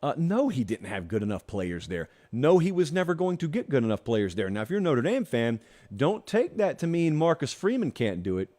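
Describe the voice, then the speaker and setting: A man hosting a sports talk show, talking straight to his viewers in an animated, sarcastic monologue. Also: mid-range voice, a little fast. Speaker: host.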